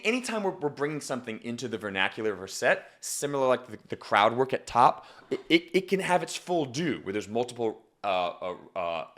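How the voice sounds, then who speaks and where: A man coaching a stand-up comedian on a live stream, swearing, repeating himself and acting out examples. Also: medium pitch. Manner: animated, swears, repeats words, acts out examples.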